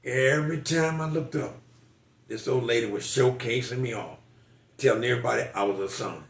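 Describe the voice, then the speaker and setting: An older military veteran shares personal stories in a folksy, emotional way, acting out quoted voices. His medium-pitched voice has vocal fry, moves at a moderate pace, and sounds reverberant.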